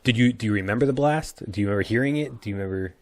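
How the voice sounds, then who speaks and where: A man's voice: lowish voice, racing, no echo. A man hosting a casual podcast interview, asking guiding questions with short encouraging replies. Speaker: podcast host.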